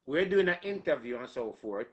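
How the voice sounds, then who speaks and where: A man's voice: mid-range voice, very animated, moderate pace, muffled recording. A man hosting an interview, talking emphatically to his viewers with a lot of repetition. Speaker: interview host. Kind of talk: casual interview talk.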